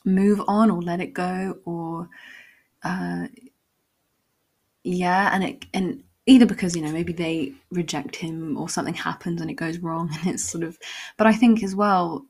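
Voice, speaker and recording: A woman's voice: fairly low pitch, steady tone, a little slow, darkish tone. A woman hosting a solo podcast, talking in a reflective, meandering way with many fillers and restarts. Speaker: podcast host. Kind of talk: casual solo podcast ramble.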